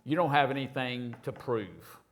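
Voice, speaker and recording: A man's voice: medium pitch, lively intonation, moderate pace, gravelly. An older man from Houston, rambling through profane, self-mocking stories as a guest on stage. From Houston, Texas. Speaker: restaurateur guest. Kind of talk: casual storytelling on stage.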